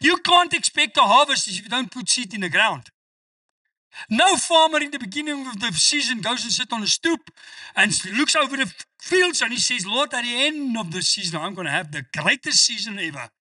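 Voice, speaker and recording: A male pastor preaching a sermon, reading scripture slowly with strong emphasis and acting out the voices of people in his stories. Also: very high voice, lively intonation, pushed and bright, no room sound, far from the mic. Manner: emphatic preaching, quotes scripture with slow stressed delivery.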